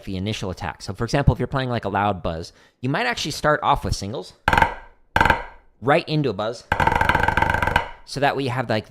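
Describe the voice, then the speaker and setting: A man's voice: mid-range voice, very noisy. A man hosting a casual livestream drum lesson, explaining technique as he demonstrates, with frequent "like" fillers.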